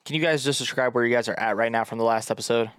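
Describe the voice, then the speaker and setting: A man's voice: medium pitch, fairly even intonation, rapid-fire, a bit bright. A man hosting a casual group podcast as game master, recapping the last session in a loose, joking way.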